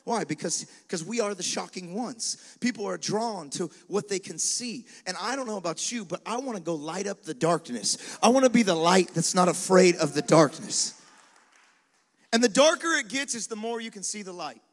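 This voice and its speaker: A male pastor preaching a sermon in a lively, conversational style, with quick acted asides and dares to the congregation. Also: sits high. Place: large venue with live congregation. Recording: long hall reverb.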